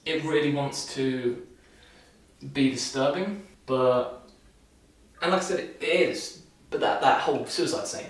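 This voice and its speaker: A man's voice: medium pitch, measured pace, a little hiss or hum. Guy rambling a film review with tons of "like"s, echoey bathroom, far from the mic. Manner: rambling, lots of "like" fillers. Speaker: vlogger. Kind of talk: casual film review chat.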